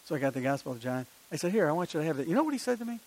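Older preacher, higher-pitched voice. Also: male voice, big pitch swings, rapid-fire, darkish tone, slight background noise, poor audio. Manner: conversational preaching full of rhetorical questions and personal stories. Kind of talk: sermon.

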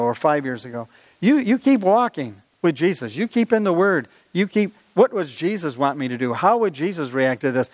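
Guy preaching, chatty, reads scripture, long reverb tail like a big hall. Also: fairly high pitch. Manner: conversational, asks the listeners questions. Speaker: pastor. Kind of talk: sermon with scripture reading.

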